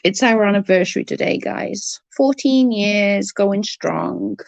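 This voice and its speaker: A woman's voice: medium pitch, a little slow, gravelly, dry recording. Chatty woman live-streaming. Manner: chatty, reads and answers chat messages; blunt, swears when annoyed. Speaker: livestream host. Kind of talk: casual live-stream chat.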